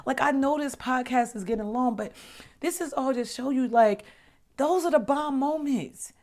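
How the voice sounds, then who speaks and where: A woman hosting her own podcast, telling personal stories in a chatty, animated way, acting out conversations and dropping to soft murmurs when she reflects. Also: normal speed. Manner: chatty, animated, acts out dialogue with big pitch jumps. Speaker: podcast host. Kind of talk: casual personal storytelling.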